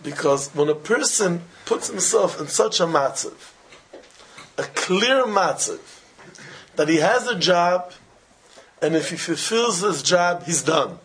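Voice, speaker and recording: A man with a fairly high voice gives an informal religious talk, moving from one everyday story to the next. His English is simple and a bit broken, and he sprinkles in Hebrew and Yiddish terms. A faint hiss sits under the recording. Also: expressive, takes it slowly, a bit bright. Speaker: religious teacher. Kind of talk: informal Torah talk with stories.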